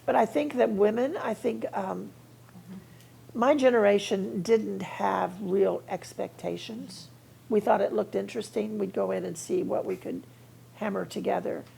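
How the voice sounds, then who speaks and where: Gravelly older woman telling stories. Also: medium pitch, a little slow. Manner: relaxed, anecdotal, laughs often. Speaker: interview guest. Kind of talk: storytelling in a live conversation. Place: auditorium before an audience.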